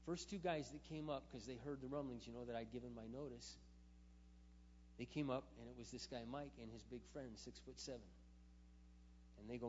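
A male pastor tells a story from the pulpit in a mid-range voice, animated, swinging from loud emphatic bursts to quiet asides. The recording is dull, with a long hall reverb and a faint hum underneath. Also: medium pitch, fairly quick, husky. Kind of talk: sermon storytelling.

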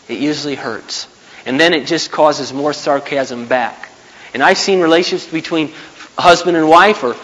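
A pastor in his thirties, his voice a little high and a bit bright, preaches a sermon earnestly and emphatically, repeating his key points. The recording carries long hall reverb.

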